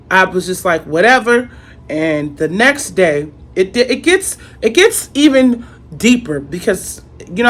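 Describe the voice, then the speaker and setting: Animated woman in her thirties telling a story. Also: medium pitch. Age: 30s. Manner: animated, repetitive, exclamatory storytelling. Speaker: YouTuber. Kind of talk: storytime vlog.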